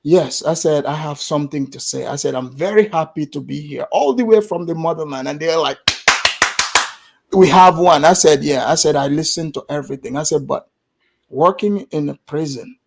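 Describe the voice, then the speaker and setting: A man from Gambia with a Gambian accent, telling an animated story in casual chat and acting out the voices of others. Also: a little high, normal speed, creaky. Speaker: guest storyteller.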